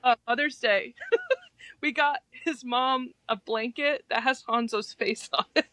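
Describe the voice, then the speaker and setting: A woman's voice: a little high, measured pace, bright, forceful tone, no echo. A woman guest in casual chat, telling fond stories and laughing often. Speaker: podcast guest.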